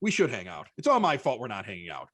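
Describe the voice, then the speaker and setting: A man with a Chicago accent, a podcast guest telling stories in casual chat, animated and often stammering through restarts. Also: fairly low pitch, quick pace, no echo. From Chicago, United States.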